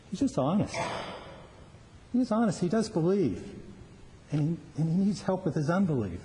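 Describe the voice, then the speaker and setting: A man's voice: high voice, warm tone. A male pastor preaching a sermon in an earnest way, often repeating words as he restarts a thought, in a large hall. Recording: long reverb with faint background noise.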